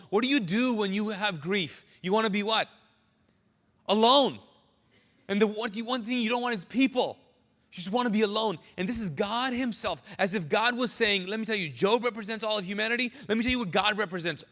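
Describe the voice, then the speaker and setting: A man preaching a sermon as pastor, animated and drawing answers out of his congregation. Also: high-pitched, big-room sound. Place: church sanctuary.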